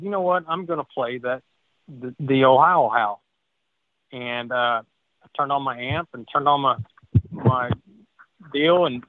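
Brief: male guest, slightly high voice, halting storyteller, dry tinny phone line. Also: no room sound. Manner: halting, repeats words while recounting. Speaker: guest sharing field encounters. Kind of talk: casual storytelling on a call-in panel.

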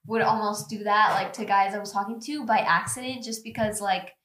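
A woman's voice: mid-range voice, steady tone, a little fast, a bit bright. A woman hosting a casual chat, asking curious, teasing questions. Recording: echoey room.

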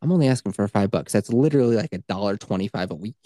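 A man's voice: lowish voice, animated, very fast, dark tone, no echo, clean studio sound. A man hosting a podcast, joking in a boisterous, crude, casual way. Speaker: podcast host. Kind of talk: casual comedic chat.

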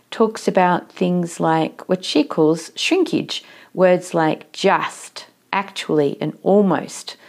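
A woman with a somewhat low voice talks listeners through how words and tone land at work. She muses on her own habits and keeps putting questions to the listener. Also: a little mellow. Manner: reflective, asks the listener questions. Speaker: workplace communication coach. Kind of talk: solo talk to listeners.

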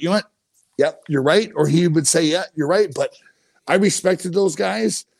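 A man's voice: fairly high pitch, darkish tone, no room sound. A man in his forties, a former hockey player co-hosting a podcast, telling blunt, profane stories in casual chat.

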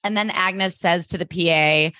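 A woman's voice: on the low side, steady tone, normal speed, pushed and bright, no echo, clean studio sound. Chatty young woman podcast co-host. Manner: chatty, peppered with "like", swears freely. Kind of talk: casual chat, TV episode recap.

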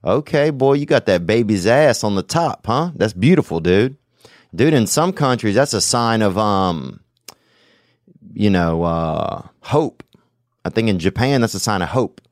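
Low-voiced guy hosting a podcast, rambles and swears a lot, real dry sound. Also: expressive, measured pace, no room sound. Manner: rambling, joking, swears freely, trails off. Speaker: podcast host taking calls. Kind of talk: casual chat.

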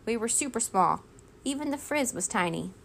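A woman reading a children's storybook aloud in a steady, expressive way. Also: a little high, moderate pace, creaky, a little hiss or hum. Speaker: reader.

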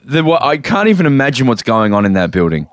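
A man's voice: mid-range voice, big pitch swings, fast talker, no room sound. A man, co-hosting a podcast, rambling and sarcastic, building mock-grand rants in casual chat. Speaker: podcast co-host. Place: studio room in London.

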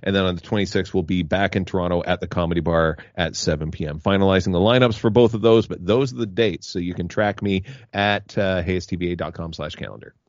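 A man with a low voice co-hosts the podcast, dropping dry asides and plainly running through upcoming shows. The sound is close and dry. It is slightly muffled. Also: fast, hardly any pauses, dry recording. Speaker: comedian and podcast co-host. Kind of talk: casual chat.

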